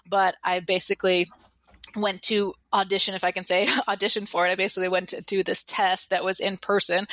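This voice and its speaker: A middle-aged woman telling stories in a casual interview, animated and acting out quotes in a raised voice. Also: medium pitch, no room sound. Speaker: financial advisor and interview guest.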